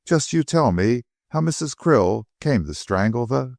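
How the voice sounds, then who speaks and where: A man's voice: mid-range voice, lively intonation, a little slow, gravelly, darkish tone, no echo, clean studio sound, voice pushed up. A man playing an imperious little woman sleuth. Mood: commanding. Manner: cool, commanding, mocking.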